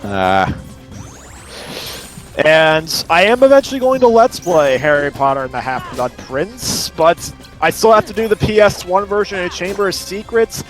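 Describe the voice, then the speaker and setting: A man hosting a let's play, chatting casually and rambling through long lists of details. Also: on the high side. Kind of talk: casual chat over gameplay.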